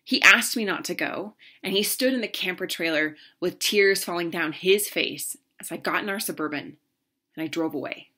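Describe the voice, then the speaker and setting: Woman coach, 30s, earnest heartfelt storyteller, lowish pitch, bright tone. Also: moderate pace. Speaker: relationship coach. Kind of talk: personal story talk to camera.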